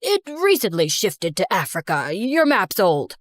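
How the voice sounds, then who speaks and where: A woman dropping her voice to play a slick male fraud pretending to be royalty in an animated bedtime story. He answers every question with breezy, pompous nonsense. Deep and self-satisfied, recorded close and dry. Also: a little slow, dry recording, full character voice. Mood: smug. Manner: fake-grand, evasive. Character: smooth-talking male con man posing as prince.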